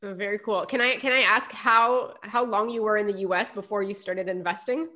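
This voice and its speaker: A woman's voice: mid-range voice, a little fast, sharp tone. A woman hosting a podcast, reading an upbeat promotional intro and asking friendly questions. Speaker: podcast host.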